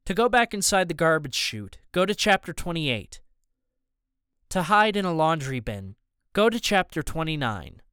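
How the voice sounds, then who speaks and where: A man narrating a first-person story as an audiobook narrator, steady and even. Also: on the high side, normal speed, clear, resonant tone, no room sound, studio quality.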